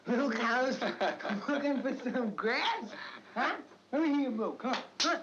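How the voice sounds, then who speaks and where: A man's voice: extremely high pitch, animated, a little slow, a bit bright, a little hiss or hum, exaggerated voice. An actor playing a leering male thug in a 1970s film, with a mocking, sing-song drawl and a lo-fi soundtrack sound. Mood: taunting.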